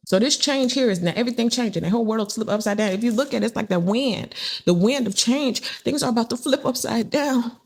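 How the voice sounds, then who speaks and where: A woman's voice: fairly high pitch, a little mellow, slightly rough. A woman giving a casual spiritual tarot reading, chatty and repetitive, often acting out the people she describes. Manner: chatty, repeats phrases, acts out quoted people. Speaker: tarot reader.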